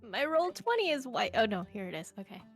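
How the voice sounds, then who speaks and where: A woman's voice: a little high, sing-song, fast talker, faint music behind. A woman playing a tabletop game who eagerly asks questions about the rules and characters. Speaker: player. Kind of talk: casual tabletop game chat.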